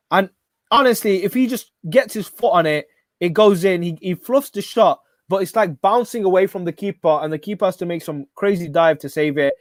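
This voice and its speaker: Male watch-along host: excitable, high-pitched, dry close-mic sound. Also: no room sound. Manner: excitable, bursts into shouts at chances. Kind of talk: live football watch-along commentary.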